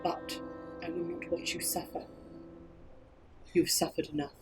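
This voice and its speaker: A player voicing a calm, compassionate clawed healer who speaks softly and in a measured way during a tabletop game. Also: medium pitch, over music, close to an everyday voice. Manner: soft and measured, fading quieter.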